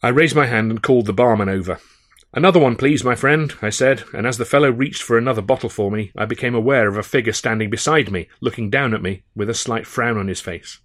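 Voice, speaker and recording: A man's voice: lowish voice, a bit bright. English man narrating an audiobook. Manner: measured first-person storytelling. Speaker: author reading his own novel.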